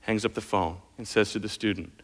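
A man's voice: fairly low pitch, fairly even intonation, brisk. A male pastor preaching a sermon earnestly, building intensity on his key points. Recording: long hall reverb.

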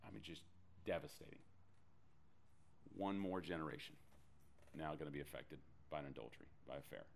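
A man preaching a sermon, telling a personal story with animated delivery and self-deprecating humor. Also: a bass voice, fairly quick, vocal fry, slight background noise. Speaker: pastor.

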